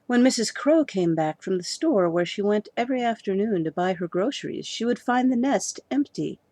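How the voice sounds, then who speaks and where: A woman reading a children's storybook aloud, lively and expressive. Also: medium pitch, normal speed, dry recording.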